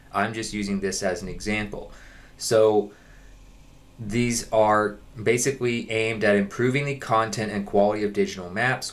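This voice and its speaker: Casting: man, fairly low voice, casual vlog host walking through a job posting. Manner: reads job listing aloud, then explains it. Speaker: online jobs vlogger. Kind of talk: casual screen-share walkthrough.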